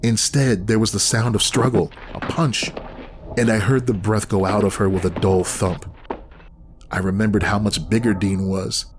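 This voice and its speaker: Guy narrating a horror story, lowish voice, steady and tense, bit of faint noise. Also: normal speed. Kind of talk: scripted horror audiobook narration.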